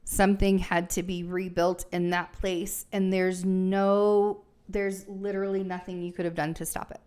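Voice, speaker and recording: A woman's voice: lowish voice, little pitch movement, moderate pace, a little mellow. A young adult woman giving a casual tarot reading, talking in a rambling, reassuring way with lots of fillers and restarts. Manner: rambling, reassuring, thinks aloud with many fillers. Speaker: tarot reader.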